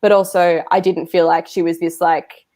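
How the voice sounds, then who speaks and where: A woman's voice: on the low side, level tone, a little fast, warm tone. A woman hosting a livestreamed talk, chatty and friendly, heard through a video call mic. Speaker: event host.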